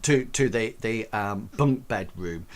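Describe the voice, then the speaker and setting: A man's voice: fairly low pitch, slow. A man running a tabletop game as game master, narrating in a rambling way full of "sort of, like" fillers.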